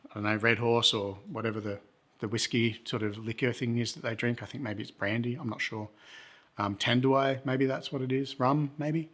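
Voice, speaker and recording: A man's voice: mid-range voice, fairly bright tone. A man, a travel vlogger telling a story in a rambling, self-correcting, laid-back way. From Australia. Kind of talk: casual storytelling to camera.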